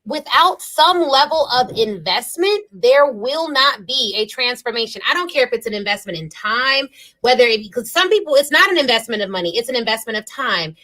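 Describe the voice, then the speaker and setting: A woman's voice: a little high, bright, forceful tone, rough recording. A woman hosting a podcast interview, speaking emphatically in a coaching tone. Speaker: podcast host.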